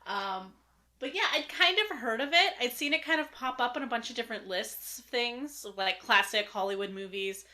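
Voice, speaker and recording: A woman's voice: on the high side, expressive, normal speed, bright, forceful tone. A woman co-hosting a podcast, rambling casually and hedging with "kind of". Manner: rambling, hedging with 'kind of'. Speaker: podcast co-host. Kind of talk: casual chat.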